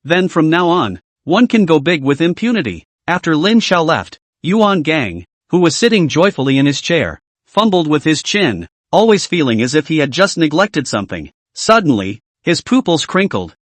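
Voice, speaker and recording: A man narrating a comic story recap, reading all the parts in one even voice. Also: a little high, dry recording. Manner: reads every part in one even narrating voice.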